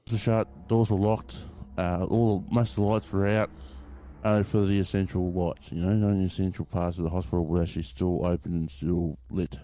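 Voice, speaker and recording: A man's voice: low-pitched, flat delivery, normal speed, dark tone, slight background noise. A man hosting a podcast, rambling casually through a story and swearing freely as he talks to his listeners. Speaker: podcast host.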